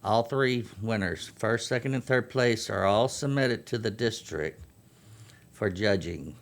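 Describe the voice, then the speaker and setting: Man, 50s, veteran chaplain guest; low, earnest explainer. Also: unhurried. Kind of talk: radio interview.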